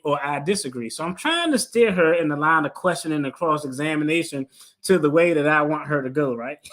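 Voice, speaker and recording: A man with a high, fairly bright voice, an attorney who hosts finance videos, tells a story in a casual, playful way. He acts out his own quoted lines as he goes.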